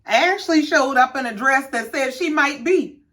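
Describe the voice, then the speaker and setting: A woman, recapping a reality show in sassy, animated casual commentary and acting out quoted cast voices. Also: high voice, a little slow.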